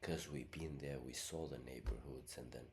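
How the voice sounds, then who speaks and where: Sick stuffed-up guy, albanian native, really low voice, rambling on with lots of you know what i mean. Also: normal speed, vocal fry, slight background noise. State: sick, congested voice. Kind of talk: casual monologue.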